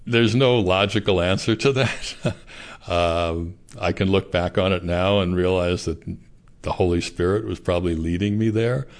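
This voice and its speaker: A man being interviewed, recounting a personal experience in a measured, reflective way. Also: low-pitched.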